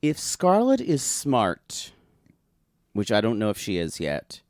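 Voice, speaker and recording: A man's voice: fairly low pitch, wildly swooping pitch, a little mellow, dry recording, clean studio sound. A man co-hosting a podcast, chatting casually and rambling with many restarts. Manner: rambling, restarts often, does quick impressions. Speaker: podcast co-host. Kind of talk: casual recap chat.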